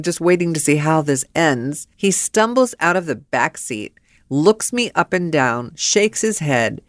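A middle-aged woman hosting a podcast, telling stories in an animated, blunt way, laughing and swearing. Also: lowish voice, no room sound, clean studio sound. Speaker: podcast host. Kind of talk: storytelling monologue.

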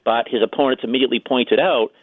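A man rattles off anecdotes at a brisk clip, leaning on fillers as he goes. His voice comes through a thin, tinny phone line. The sound is close and dry. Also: mid-range voice, fairly even intonation, no echo. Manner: chatty, storytelling with many fillers. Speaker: guest political author. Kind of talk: radio phone interview. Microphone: telephone.

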